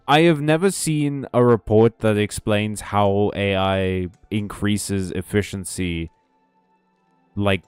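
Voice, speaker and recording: Brief: ranty, rambling male game streamer, low smooth voice, dry close mic. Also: dry recording. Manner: rambling, ranty, laughs often. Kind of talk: casual game stream chat.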